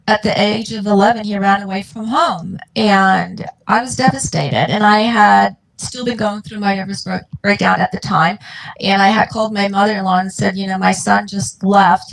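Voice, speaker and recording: A woman's voice: medium pitch, vocal fry, poor audio. A middle-aged woman, a mother and guest, telling her family's story in an earnest, impassioned way and acting out the dialogue. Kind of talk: emotional personal storytelling.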